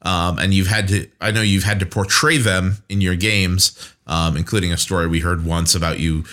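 A man's voice: low-pitched, steady tone, moderate pace, fairly bright tone. A man co-hosting a casual podcast chat, steering the talk with questions. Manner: conversational, prompting questions. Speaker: podcast co-host.

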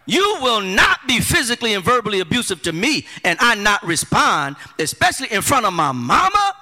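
A male pastor preaching a sermon with animated rhetorical repetition and colloquial asides. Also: high voice, a little fast, big-room sound.

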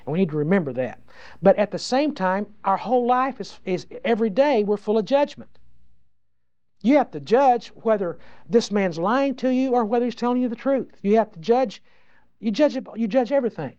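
A man's voice: sits high, animated, moderate pace, a little mellow, no room sound. A male preacher delivers a sermon in a folksy, emphatic storytelling way, often stumbling and starting phrases again. The recording is dry and dull, like lo-fi audio.

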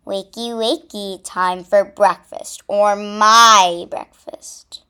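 A woman's voice: mid-range voice, measured pace, lightly acted. Woman doing a sly, scheming crow. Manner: sly, bossy. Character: scheming hungry male crow.

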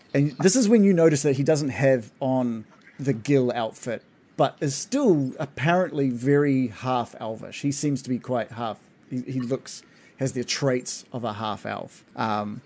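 A man narrating as game master of a tabletop game, relaxed and hesitant with fillers. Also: mid-range voice, unhurried.

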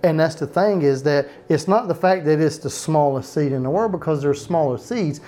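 Pastor, home Bible-study sermon, middling pitch, conversational, frequent restarts, off-script asides. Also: normal speed, warm tone, slight background noise.

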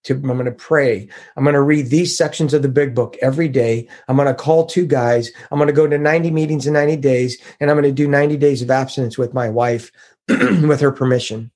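Middle aged guy telling his recovery story, earnest, confessional, voice neither high nor low. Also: fairly quick. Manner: earnest, confessional, quotes others in lively voices. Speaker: recovery group member sharing his story. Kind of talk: personal recovery testimony.

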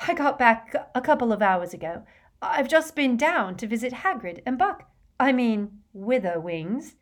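A woman's voice: a little high, big pitch swings, measured pace, pitched above the performer's own voice. A woman voicing a bossy clever teenage girl. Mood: brisk. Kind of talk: audiobook character voice.

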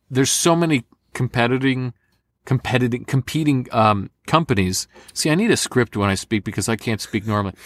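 A man's voice: medium pitch, no room sound. Joking, rambling man with a dry sound. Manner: animated, rambling, quick to joke. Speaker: voice actor guest. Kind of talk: casual interview chat. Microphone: home studio condenser mic.

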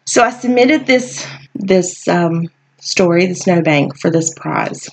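A woman's voice: fairly low pitch, lively intonation, slow, creaky, a little mellow, husky. A woman hosting her own podcast, sounding tired and groggy, talking frankly in a chatty way with frequent light laughs. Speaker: podcast host. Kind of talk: casual solo podcast talk.

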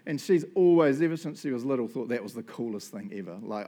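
A man, preaching a sermon as a lively storyteller who acts out what people said and often checks in with "right?". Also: medium pitch, fairly quick. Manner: animated, acts out quotes, frequent "right?" and "um". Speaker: pastor.

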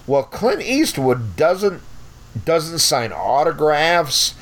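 A man's voice: a little high, big pitch swings, drawn-out words, a bit bright. Guest, man in his fifties, blunt and foul-mouthed raconteur. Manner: profane, rambling, blunt. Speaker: podcast guest. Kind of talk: casual storytelling.

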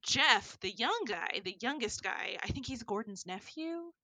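A woman in casual chat, retelling a film plot in an animated way with lots of fillers. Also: fairly high pitch, a little slow, no room sound, rough recording. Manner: animated storytelling, many fillers.

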